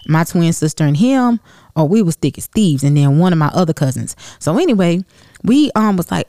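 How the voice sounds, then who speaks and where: A woman hosts her own podcast and talks through a family falling-out in a loose, animated way, calling out to her listeners as she goes. Her voice sits on the low side with a dark, mellow tone. It is recorded close up, dry, with no room sound. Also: no room sound. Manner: animated, chatty, addresses listeners as y'all. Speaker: podcast host. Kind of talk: casual storytelling monologue.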